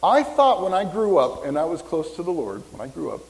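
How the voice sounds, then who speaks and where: A pastor in his fifties preaches a casual, rambling, conversational sermon, joking with the congregation. His voice is on the high side with big pitch swings and a slightly fast pace, recorded in a reverberant hall.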